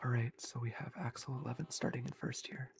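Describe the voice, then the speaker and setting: A man's voice: mid-range voice, fairly even intonation, quick pace, vocal fry, slightly rough. A man commentating a kart racing tournament live, chatty and talking to the chat. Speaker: esports caster.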